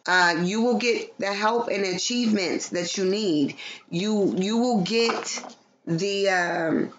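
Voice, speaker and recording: A woman's voice: mid-range voice, slow. Profane, playful woman reading tarot. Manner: loose, profane, playful, breaks into singing. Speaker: tarot reader. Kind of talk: casual livestream tarot reading. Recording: dull lo-fi sound with background noise.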